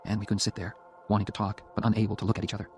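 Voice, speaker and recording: A man narrating an audiobook in the first person, in a quiet and subdued way. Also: lowish voice, little pitch movement, racing, a little hiss or hum.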